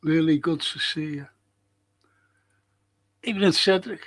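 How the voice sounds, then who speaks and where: A man's voice: a little high, unhurried, fairly bright tone, poor audio. A man hosting a casual live stream, chatty and rambling as he reads out viewer comments.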